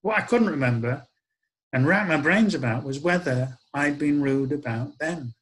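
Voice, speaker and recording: A man's voice: fairly high pitch, lively intonation, moderate pace, fairly bright tone, low-quality recording. A man, telling a wry, reflective personal story in a conversational way. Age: 60s. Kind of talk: spoken-word storytelling.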